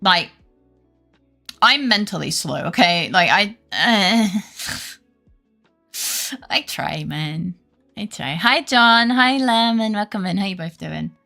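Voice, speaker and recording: A woman's voice: mid-range voice, lively intonation, takes it slowly, vocal fry, long pauses, bright, forceful tone, faint music behind. A British woman streaming live, chatting with viewers in a rambling, sweary, self-deprecating way and laughing often. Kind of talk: casual chat with live viewers.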